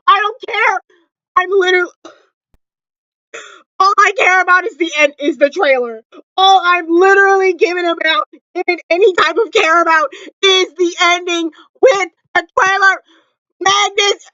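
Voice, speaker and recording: A woman reviewing a TV episode in a loud, shrieking, overexcited way. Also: very high-pitched, steady tone, normal speed, no echo, highs cut off. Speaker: TV reaction vlogger. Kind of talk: excited reaction review.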